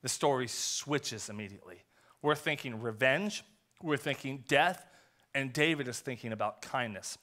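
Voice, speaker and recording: A male pastor giving a conversational sermon, telling a story with quick acted asides. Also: medium pitch, pushed and bright. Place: church sanctuary.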